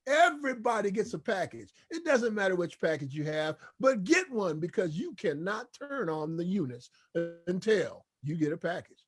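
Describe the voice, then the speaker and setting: Man, higher-pitched voice, upbeat, preacher-style sales presenter. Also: sing-song, normal speed, slightly rough, soft background music. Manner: preachy, call-and-response; enthusiastic, repetitive hype.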